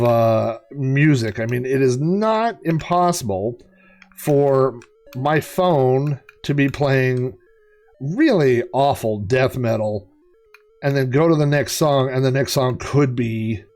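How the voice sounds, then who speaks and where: A man's voice: mid-range voice, darkish tone. A man giving casual gameplay commentary, rambling and chatty, with many fillers and laughs at his own jokes. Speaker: let's play host.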